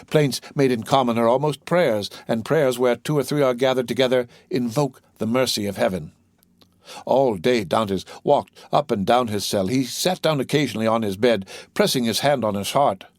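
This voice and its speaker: Male audiobook narrator, mid-pitched, steady reading, dry close sound. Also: moderate pace, dry recording.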